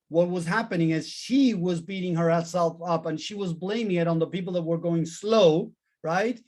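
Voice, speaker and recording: A man teaching a therapy training class, animated and emphatic, repeating key words in lists. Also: fairly high pitch. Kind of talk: live training lesson.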